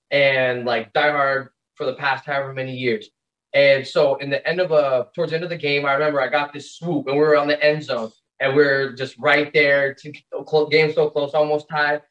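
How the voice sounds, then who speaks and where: A young man from the Pacific Northwest, a podcast guest telling stories excitedly in casual chat, with fillers. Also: medium pitch. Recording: dull lo-fi sound.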